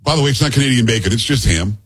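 A man's voice: mid-range voice, rapid-fire, husky. A middle-aged man hosting a radio talk show, chatty and joking with his co-host. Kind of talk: casual radio banter.

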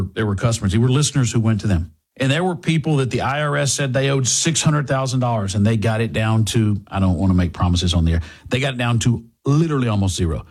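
A man's voice: mid-range voice, a little mellow, breathy edge. A man hosting a talk radio show, delivering an emphatic, sarcastic monologue and a live sponsor read. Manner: emphatic, sarcastic, rising to indignant peaks.

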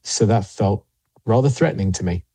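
A man as an interview guest, telling investigation stories in a measured way with frequent pauses and fillers. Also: on the low side, lively intonation, mellow, husky, no room sound. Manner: measured, many fillers and restarts. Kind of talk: interview storytelling.

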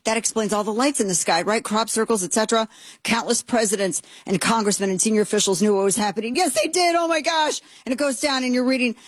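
A woman hosting a talk show, giving comedic political commentary in a sarcastic, excitable, animated way. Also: medium pitch, dry recording.

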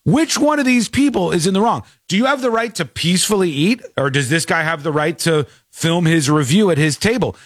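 A man hosting a show, chatting casually about a viral clip in an animated way, with laughing asides. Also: a little high, brisk, few pauses, dry recording, studio quality. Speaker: show host.

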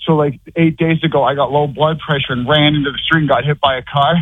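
A man's voice: on the high side, fairly even intonation, quick pace, husky. A man calling into a talk show by phone, rambling at length and filling his talk with "like". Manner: rambling, heavy use of "like". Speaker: caller. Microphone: telephone. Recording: tinny phone line.

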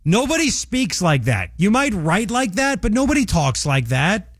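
A man with a high, sharply swinging voice hosts political talk radio. He mocks and needles his targets in a sarcastic commentary, recorded dry and close. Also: sing-song, moderate pace, slightly rough, no echo. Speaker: radio talk show host.

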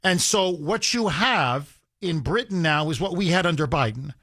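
A man hosts a call-in radio show from the studio, heated and emphatic, circling back over his points. His voice sits a bit high for a man. The sound is close and dry, with no room around it. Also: expressive, normal speed, fairly bright tone, no echo. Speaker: radio talk show host.

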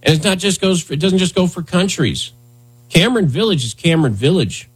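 A man's voice: high-pitched, animated, brisk, breathy edge. A man hosting a talk radio show, riffing in a sarcastic, rambling, mock-indignant way. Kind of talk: casual comedic talk radio banter.

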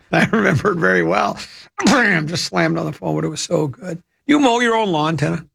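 A man's voice: high voice, lively intonation, moderate pace, creaky, a bit bright, slightly rough. A man hosting a radio talk show, telling rambling, chatty anecdotes into a studio microphone. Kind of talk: casual radio storytelling.

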